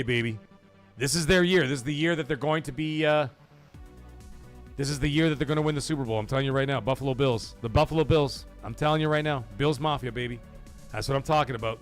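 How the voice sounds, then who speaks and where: A man hosting a gaming livestream, loud and excitable, cursing and reading super chats to his viewers. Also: mid-range voice, fairly quick. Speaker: livestream host. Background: soundboard music and crowd cheers.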